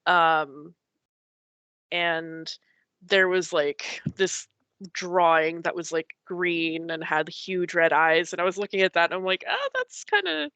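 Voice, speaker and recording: Woman guest, bright clear voice, dry close sound, rambling casual storytelling with lots of likes and ums. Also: fairly low pitch, level tone, slow pace, no echo, dull audio. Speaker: podcast guest.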